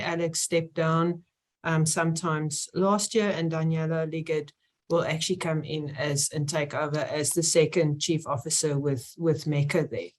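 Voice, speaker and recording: A woman chairing an online science symposium, introducing speakers with many pauses and fillers. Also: sits low, a little mellow. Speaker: session chair.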